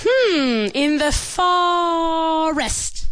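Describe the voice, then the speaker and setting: Female radio host for a children's English lesson: high and bouncy, patient and encouraging, repeats words slowly, slips into Spanish to explain. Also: animated, fairly bright tone. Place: school.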